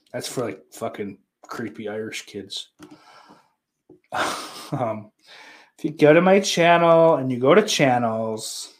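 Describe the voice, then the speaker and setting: A man hosting his own movie vlog in loose, profane, rambling chat, trailing off and restarting. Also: medium pitch. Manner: profane, rambling, offhand, full of fillers. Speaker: channel host showing his movie purchases.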